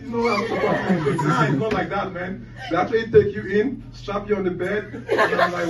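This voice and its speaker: A man on a comedy club stage, talking loose and profane and laughing at his own punchlines. His voice sits a little high for a man, and it comes from a distant mic that picks up the room's echo. Loud noise runs under the whole set. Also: expressive, brisk. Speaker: stand-up comedian.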